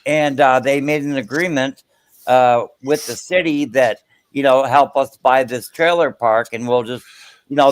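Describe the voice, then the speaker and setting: A man's voice: medium pitch, smooth, dry recording. A man chatting casually, rambling with lots of hesitations. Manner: rambling with many ums. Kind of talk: casual chat.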